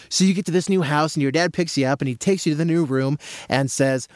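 A man explaining his therapy method in a casual talk, acting out little scenes with growing excitement. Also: fairly high pitch, quick pace, no room sound, studio quality. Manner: animated storyteller, acts out scenes with rising excitement.

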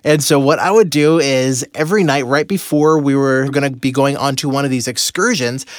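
A man telling a personal story as a motivational mentor, animated and acting out the voices of the people in it. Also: mid-range voice, normal speed, dry recording, clean studio sound.

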